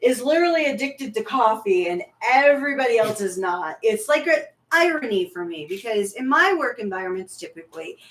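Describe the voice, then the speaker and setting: A woman's voice: on the high side, animated, fairly quick, hardly any pauses. A woman chatting casually and bluntly with frequent swearing while nursing a headache. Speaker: co-host. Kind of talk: casual reaction chat. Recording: echoey room, far from mic.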